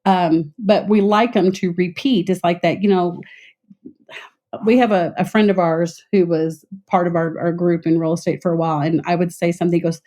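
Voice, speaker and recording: A middle-aged woman from Texas with a light Southern accent, explaining her past work as a guest in an interview in a clear, concise, measured way. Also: on the low side, fairly even intonation, warm tone. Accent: light Southern American. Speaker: interview guest, former air traffic controller. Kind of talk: conversational interview.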